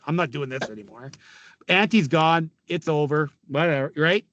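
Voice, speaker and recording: A man's voice: fairly high pitch, moderate pace, dry recording, muffled recording. A middle-aged man from Canada, a podcast guest telling a long story in a casual way, swearing freely and acting out what people said. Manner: animated, profane, quotes people in dialogue.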